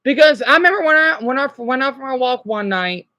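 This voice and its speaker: A young man rants on a live stream, swearing freely and stopping to apologize before rambling on. His voice is bright and edgy, and the sound is dry and close, with no room around it. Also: very high voice, animated, dry recording, muffled recording. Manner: rambling, profane, quick to apologize.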